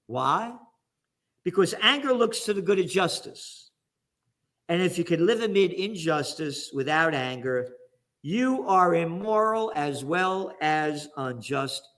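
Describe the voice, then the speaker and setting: A man's voice: high voice, fairly bright tone. A man from the Bronx with a New York accent, a guest giving fired-up, angry political commentary.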